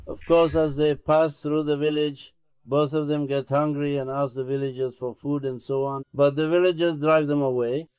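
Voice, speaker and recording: A male preacher tells a sacred story to his listeners, marking each speaker as he goes. His voice is smooth and resonant. The sound is close and dry, with no room ring. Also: a little high, level tone, moderate pace, a little mellow, no echo. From Turkey. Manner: retells a tale with many "he says" tags. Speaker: sheikh preaching to his circle. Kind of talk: sermon storytelling.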